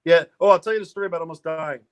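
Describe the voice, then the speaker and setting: A man's voice: a little high, rapid-fire, crowd noise. A middle-aged man, a guest on a car podcast, telling rambling stories in a casual interview, laughing often and restarting his sentences.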